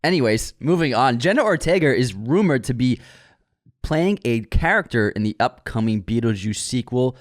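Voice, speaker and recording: A man's voice: mid-range voice, expressive, moderate pace. A young man co-hosting a podcast, reading out entertainment news and joking around in casual chat. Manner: playful, reads news items, jokes around. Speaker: podcast co-host.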